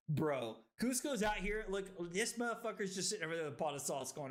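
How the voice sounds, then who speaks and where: Streaming a card game, a tipsy man bounces between loud shouts and low muttering while bantering with chat. He's excitable and profane, though his speed stays normal.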